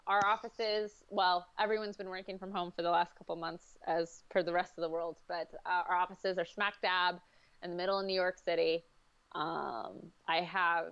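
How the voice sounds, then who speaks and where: A woman's voice: on the low side, smooth, dry recording. A woman, a guest speaking in casual chat over a video call. She talks easily, with many fillers and frequent laughs. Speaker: comics editor, guest. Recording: dry, slightly dull sound.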